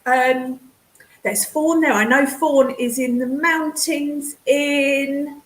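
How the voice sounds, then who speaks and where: High, animated woman hosting a chatty live stream, echoey room. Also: slow pace. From English Midlands. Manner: excitable, chatty, calls viewers darling and hun. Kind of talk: casual livestream chat with viewers. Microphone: computer mic on a streaming setup.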